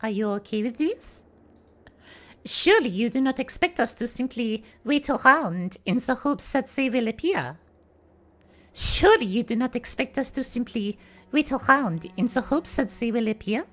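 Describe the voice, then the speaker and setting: A woman's voice: a little high, animated, moderate pace, fairly bright tone. A woman voicing a formal, poised young character in a raised voice, practicing lines on stream. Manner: stiff, formal delivery.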